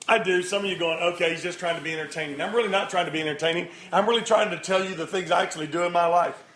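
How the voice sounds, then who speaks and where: A man giving an energetic motivational sermon at a morning meeting, rallying the crowd with loud bursts. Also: high-pitched, rapid-fire, few pauses. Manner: lively, rallying crowd, sudden loud outbursts. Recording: echoey room, faint ambience.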